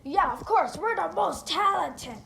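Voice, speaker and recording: A woman's voice: extremely high pitch, animated, a little slow, creaky, fairly bright tone, exaggerated voice. A woman voicing an arrogant, bossy teenage boy rival who boasts and sneers, recorded in a roomy space. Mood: cocky. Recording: roomy echo, faint noise.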